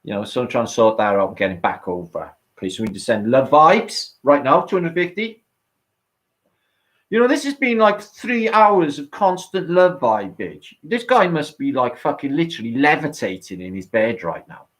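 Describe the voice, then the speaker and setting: A man in the middle of a late-night livestream, reading out comments and answering them in a loose, rambling way. He swears freely and talks straight to his audience. His voice sits at an ordinary middle pitch. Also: expressive, normal speed, fairly bright tone. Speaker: livestream host.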